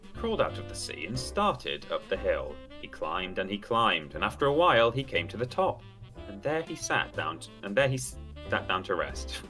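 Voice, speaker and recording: A male streamer reads a story aloud on a livestream in an expressive, animated way. His voice is fairly low but bright, and his pitch moves around a lot. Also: normal speed, faint music behind, poor audio. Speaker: streamer and co-host.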